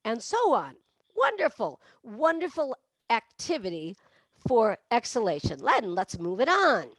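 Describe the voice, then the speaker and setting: A woman's voice: on the high side, sing-song, measured pace, fairly bright tone, no echo. A woman leading a singing lesson on breathing, demonstrating with barks, meows and sung laughs. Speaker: vocal coach. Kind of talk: online voice lesson.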